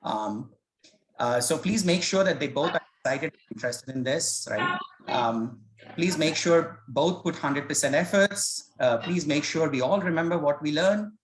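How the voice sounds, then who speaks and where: Leading a scripture study he recorded himself, a man with a voice on the high side speaks animatedly at a moderate pace. He's hesitant and conversational, using storytelling to explain, like an informal spoken lecture. There's echo in the room and some background noise.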